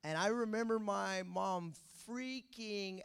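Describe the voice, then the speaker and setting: High-voiced joking male preacher. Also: slow pace, gravelly, clear, resonant tone. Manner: lively, joking, conversational preaching. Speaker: pastor. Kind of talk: sermon.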